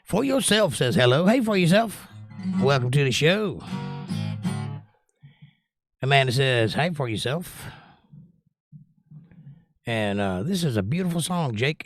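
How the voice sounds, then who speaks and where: A man's voice: medium pitch, dry recording, studio quality. An older man hosting a music livestream, reading viewers' comments aloud in a casual, joking way. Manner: animated, reads chat aloud and jokes.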